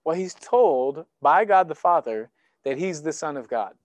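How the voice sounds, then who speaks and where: A man preaching a sermon in church, animated and conversational, acting out little exchanges as he goes. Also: on the high side, measured pace, no echo. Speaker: pastor. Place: church sanctuary.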